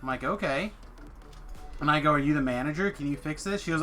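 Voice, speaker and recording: Animated storytelling man, bright voice. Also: a little high, fast talker, soft background music. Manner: animated, swearing, acts out quoted people. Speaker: streamer. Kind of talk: casual storytelling while gaming.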